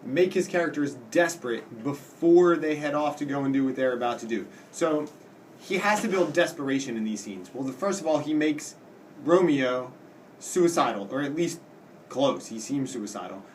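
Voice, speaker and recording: A man giving a casual lecture as a teacher, explaining in plain words and reading quoted lines slowly with dramatic weight. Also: a little high, lively intonation, far from the mic, slight background noise. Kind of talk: casual classroom-style lecture.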